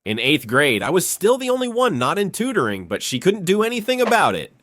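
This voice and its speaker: A man with a fairly high, very lively voice tells a comic story and slips into quick voices for the people in it. The sound is dry and close, with soft music underneath. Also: no room sound.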